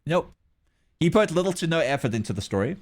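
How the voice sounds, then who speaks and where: Animated, rambling male streamer. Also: on the high side, very fast. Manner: rambling, hedging, chatting to viewers. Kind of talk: casual livestream chat while drawing.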